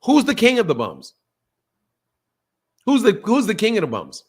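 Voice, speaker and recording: A man's voice: high-pitched, huge pitch swings, moderate pace, slightly rough. A man hosting a live-streamed boxing talk show, reading super chats and firing back at trolls, often repeating himself. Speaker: boxing channel host.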